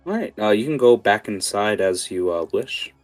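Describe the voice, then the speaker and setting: A man narrating as game master of a tabletop game, halting and full of fillers. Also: on the low side, animated, faint music behind. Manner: hesitant, many fillers.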